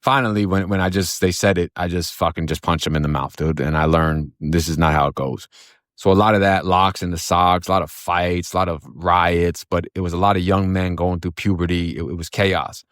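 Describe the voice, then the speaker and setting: A man from Florida with a very low voice tells his story in blunt, profane, streetwise talk. The sound is dry and close, with no room around it. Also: steady tone, a little fast, fairly bright tone, dry recording. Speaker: storyteller recounting his own past. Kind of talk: casual spoken storytelling.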